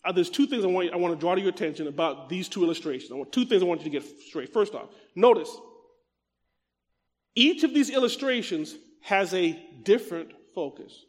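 In a large hall with long reverb, a middle-aged preacher with a high-sitting, expressive voice delivers a sermon. He reads scripture slowly and emphatically, then shifts into fast, chatty remarks to his congregation.

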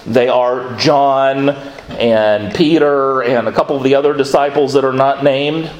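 A man's voice: mid-range voice, fairly even intonation, measured pace, slight background noise. Male pastor, sermon delivery, chatty and conversational with wry asides, echoey church room. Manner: conversational, quoting scripture with acted asides.

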